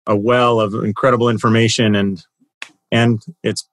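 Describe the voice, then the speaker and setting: A man's voice: fairly low pitch, flat delivery, normal speed, no room sound. Dry-sounding male podcast host. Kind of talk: conversational interview.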